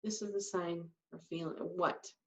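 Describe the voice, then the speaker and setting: A woman's voice: fairly low pitch, steady tone, normal speed, a bit bright, echoey room. A woman teaching sign language, patiently explaining each sign step by step. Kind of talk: slow, patient instruction. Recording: dull lo-fi sound, from a distance.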